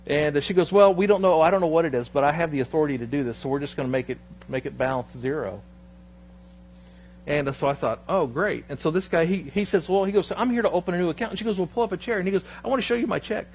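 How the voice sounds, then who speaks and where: A man preaching from the pulpit in a slightly high voice, spinning a funny personal anecdote full of back-and-forth quotes. A faint hum sits under the recording. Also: quick pace. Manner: storytelling, animated, quoting others in his anecdotes. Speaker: pastor. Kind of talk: sermon. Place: church sanctuary.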